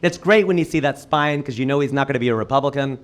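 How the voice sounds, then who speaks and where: A man performing a stand-up comedy set, with animated punchline delivery and acted-out quoted voices. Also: medium pitch, fast, heavy background noise. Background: audience laughter.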